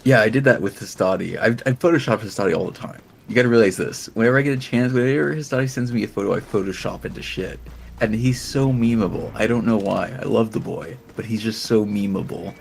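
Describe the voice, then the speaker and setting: A man's voice: fairly low pitch, quick pace, gravelly, slight background noise. A man in his late twenties, a streamer chatting casually, rambling and swearing as he talks. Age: late 20s. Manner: rambling, profane, laughing. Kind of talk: casual chat. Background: music.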